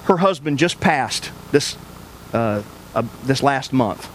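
A man's voice: medium pitch, lively intonation, slow pace, a little hiss or hum. A man pastor preaching a sermon, telling a personal story in an earnest, conversational way with frequent restarts.

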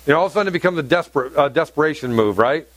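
High-voiced man preaching emphatically. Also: expressive, rapid-fire, a bit bright, no echo. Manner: emphatic, repeats phrases and asks the congregation questions. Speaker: pastor. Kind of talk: sermon. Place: church hall with congregation.

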